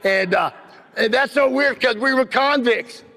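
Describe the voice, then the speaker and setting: A man's voice: very high voice, measured pace, creaky, sharp tone. A man giving a rambling personal recovery share at a meeting, full of "you know what I mean.". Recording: long hall reverb.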